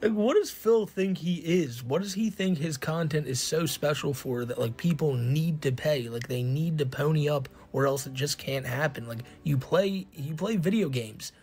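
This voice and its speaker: Man with a fairly high voice, sarcastic stream co-host who laughs a lot. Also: normal speed, hardly any pauses, darkish tone, slightly rough. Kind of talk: casual commentary chat.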